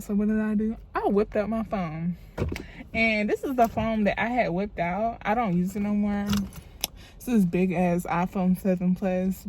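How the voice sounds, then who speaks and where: A woman's voice: medium pitch, a little mellow. A young woman, telling a storytime in a loose, chatty, profane way into a phone camera while doing her makeup. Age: young adult. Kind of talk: casual storytime vlog.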